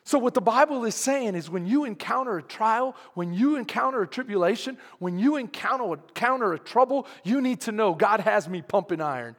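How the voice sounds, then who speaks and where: A pastor preaching with a strikingly high-pitched male voice. He drives his points home emphatically and keeps calling out to the congregation. The sound rings with a long reverb, as in a church sanctuary. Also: expressive, a little fast, hardly any pauses, fairly bright tone. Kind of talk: sermon.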